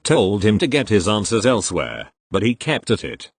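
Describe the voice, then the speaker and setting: A man with a somewhat low voice reads posts aloud as scripted narration. His delivery stays steady and even from line to line. The sound is dry, with no room around it. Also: moderate pace, breathy edge, no echo. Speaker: reader of online posts.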